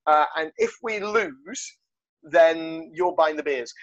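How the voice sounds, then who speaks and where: A man's voice: a little high, slow, a bit bright. A man hosting a rugby podcast, joking and rambling with lots of fillers. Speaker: podcast host. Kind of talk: casual rugby chat. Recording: dull lo-fi sound.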